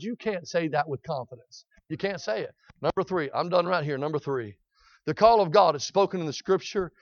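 A man's voice: high voice, dry recording, highs cut off. A middle-aged man preaching a sermon, telling a folksy story with frequent amens and rising to hollering.

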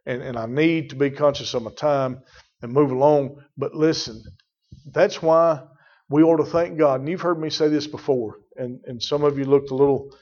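A man's voice: medium pitch, darkish tone. A man preaching a sermon, emphatic and repetitive, calling on congregation members by name. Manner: emphatic, repeats phrases, addresses congregation by name. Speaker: pastor. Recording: muffled lo-fi church recording.

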